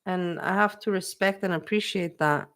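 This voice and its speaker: At a normal speed and with a fairly bright tone, a woman whose voice sits on the low side hosts a casual livestream. She gets emotional, repeats herself, and talks to her chat.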